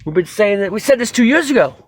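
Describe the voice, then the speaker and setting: A man reviewing a wrestling show in a casual video, excitable and rambling, swearing freely as he goes. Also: sits high, quick pace, no room sound.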